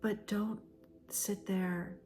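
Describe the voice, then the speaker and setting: A woman giving a channeled oracle card reading, speaking in slow, emphatic, repeated phrases that often sink into soft, breathy near-whispers. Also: mid-range voice, level tone, faint music behind. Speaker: spiritual oracle card reader.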